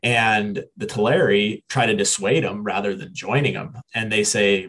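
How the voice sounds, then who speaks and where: A man with a low, husky voice retells an old tale in a loose, rambling way. He paraphrases the characters' words and stops often to correct himself. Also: fairly even intonation, moderate pace, hardly any pauses, a bit bright, rough recording. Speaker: podcast co-host. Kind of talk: casual retelling of a story.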